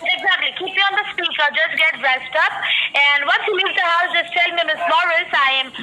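A woman's voice: extremely high pitch, brisk, sharp tone, rough recording. A woman with an Indian accent making a bossy, insulting phone scam call, heard over a speakerphone. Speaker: phone scammer.

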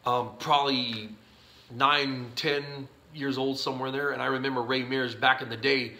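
A man chats to camera from his home garage workshop in a loose, folksy ramble full of uhs and restarts. He sounds sleepy, and his voice has a bright, forward edge at a middling pitch. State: sleepy, yawning. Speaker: YouTube channel host answering viewer questions. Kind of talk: casual chat to camera.

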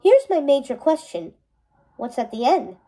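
A woman's voice: high voice, big pitch swings, a little slow, warm tone, rough recording. Woman reading as a wry proud young prince. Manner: dry, teasing quips.

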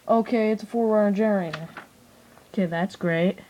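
A woman's voice: mid-range voice, normal speed, dark tone, highs cut off, a little hiss or hum. A woman giving a rambling, casual toy review with many fillers, often trailing off.

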